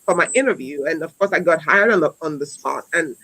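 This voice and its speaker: In a low-quality recording, a woman in her forties who works as an educator tells a story conversationally on a wellness talk. Her low voice is animated, fairly quick and a bit bright. She speaks earnestly, restarting and repeating words often, and finishes by urging listeners on.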